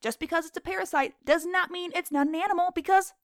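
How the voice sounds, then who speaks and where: A woman's voice: very high voice, steady tone, fast talker, noisy background. A woman hosting a podcast, narrating scripted animal facts in a playful, jokey, self-deprecating way. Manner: jokey, self-deprecating, quizzes herself in a game-show bit. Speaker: podcast host.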